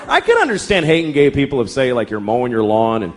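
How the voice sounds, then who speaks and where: A middle-aged man doing stand-up comedy, profane and exasperated, jumping into quick acted-out characters. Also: mid-range voice, huge pitch swings, some chatter behind. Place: comedy club stage. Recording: live club set with audience laughter and noise. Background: audience laughter and room noise.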